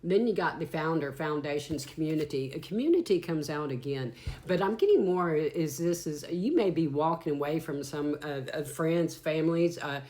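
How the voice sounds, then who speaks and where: A woman with a fairly low speaking voice reads tarot cards for her listeners in a loose, chatty way. She is earthy and unfiltered, swears without a second thought, and keeps addressing the audience as y'all and darling. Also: expressive, normal speed, warm tone. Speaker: tarot reader. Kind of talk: casual channeled tarot reading.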